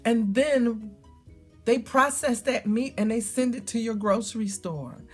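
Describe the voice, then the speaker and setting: A middle-aged woman talks straight to her viewers in a relaxed, storytelling way. She leans on emphatic repeats and scatters ums between thoughts. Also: fairly high pitch, unhurried, slightly rough, faint music behind. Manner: chatty, storytelling, emphatic repetition, frequent ums. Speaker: vlogger. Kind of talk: casual talk to camera.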